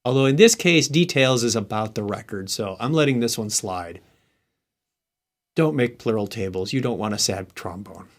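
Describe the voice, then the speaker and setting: A man's voice: fairly low pitch, animated, moderate pace. A man hosting a live tech stream, thinking aloud and muttering asides as he works through questions, with hiccups. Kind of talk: casual screen-share tech walkthrough.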